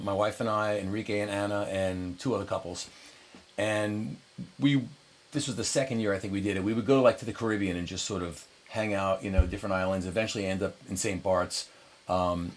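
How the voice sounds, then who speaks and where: A middle-aged man casually telling an anecdote to the camera, animated and jumping into higher voices for quotes. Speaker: storyteller.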